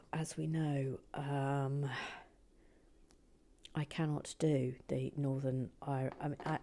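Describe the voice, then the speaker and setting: A woman hosting a building video, chatting casually and self-mockingly, often dropping into a hushed whisper and stumbling over words. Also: low voice, slight background noise. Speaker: host of a brick-building channel. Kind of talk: casual chat while building.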